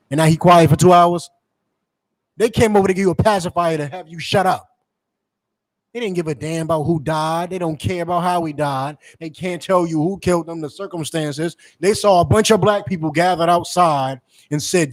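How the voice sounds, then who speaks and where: A man's voice: a little high, moderate pace. Heated, mocking preacher man. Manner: heated, mocking, profane, calls for scripture readings. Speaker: preacher and teacher. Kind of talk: fiery street-style preaching.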